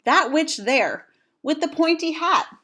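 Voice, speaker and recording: A woman voicing an exasperated, fussy middle-aged husband in a read-aloud storybook, with drawn-out, flustered phrasing. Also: fairly high pitch, very animated.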